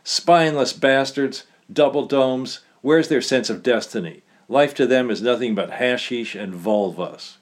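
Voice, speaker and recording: A man's voice: on the low side, fairly quick, lightly acted. Man voicing a ranting Russian ex-commander. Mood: fierce. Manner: ranting, loud and fierce. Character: bitter embattled Russian ex-army commander man.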